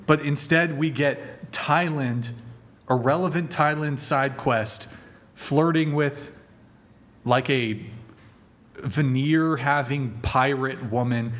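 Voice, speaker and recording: A man hosting a live stream, ranting casually with heavy swearing and frequent laughter. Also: mid-range voice. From Italian heritage. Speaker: host.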